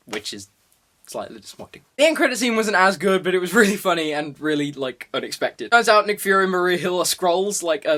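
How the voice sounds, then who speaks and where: A man giving a casual, excitable film review, filling his talk with many "like"s. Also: sits high.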